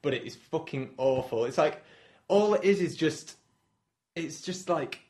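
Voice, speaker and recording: A man's voice: a little high, expressive, measured pace, darkish tone. A man co-hosting a casual film review chat, fumbling for words and swearing. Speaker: podcast co-host.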